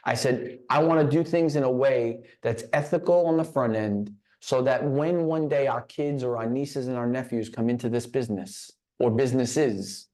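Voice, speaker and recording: As a guest at a business leadership session, a man gives a motivational talk built around a story, often restarting and repeating words as he begins phrases. His mid-range voice is slightly mellow and moves at a normal pace with few pauses.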